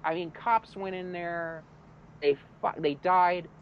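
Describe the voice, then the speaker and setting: A man's voice: sits high, steady tone, slow pace. A man telling a story in a heated, profane casual rant. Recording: dull lo-fi recording, faint noise.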